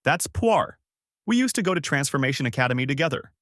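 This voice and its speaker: A grumbling, cowardly shapeshifting pig whines and pleads his way through every line, as a male narrator reads him. The pitch rises and dips a lot, and the sound is dry and close. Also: very animated, quick pace, a bit bright, no room sound. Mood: whiny.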